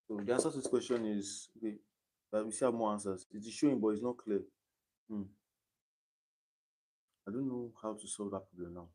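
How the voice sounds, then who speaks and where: Low-voiced Nigerian man tutoring on a live stream. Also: warm tone. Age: young adult. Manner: repeats points, explains step by step. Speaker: online exam tutor.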